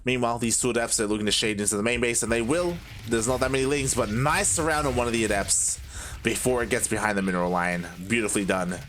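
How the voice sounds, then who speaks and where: A young man from Australia with a mixed Australian and Spanish-influenced accent, casting a game live on his own, excitable and quick to exclaim. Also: mid-range voice, slight background noise. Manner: excitable, exclaims often and laughs at chat. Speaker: esports caster. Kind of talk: solo live game commentary.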